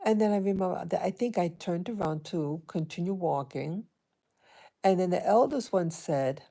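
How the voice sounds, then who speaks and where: Deep, gravelly woman vlogger. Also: dark tone. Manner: hesitant, halting, with many restarts. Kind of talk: casual personal storytelling to camera.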